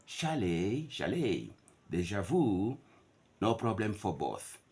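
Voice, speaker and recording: A middle-aged man teaching English pronunciation in a lecture, repeating each word slowly as a model. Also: low-pitched, darkish tone, husky.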